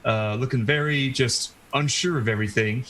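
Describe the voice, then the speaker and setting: A man's voice: mid-range voice, moderate pace, a bit bright, slight background noise, poor audio. Man narrating as game master. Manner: loose, filler-heavy narration.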